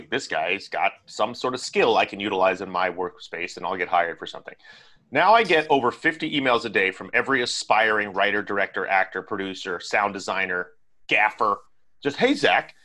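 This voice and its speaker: A man co-hosting a podcast, chatting casually with animated, joking asides. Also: fairly low pitch. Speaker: podcast co-host.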